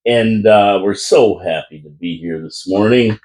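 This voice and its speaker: A man's voice: fairly low pitch, measured pace, darkish tone. Goofy rambling man hosting. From Canada. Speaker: podcast host. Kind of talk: casual fan chat. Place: small room with a co-host. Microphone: desk mic.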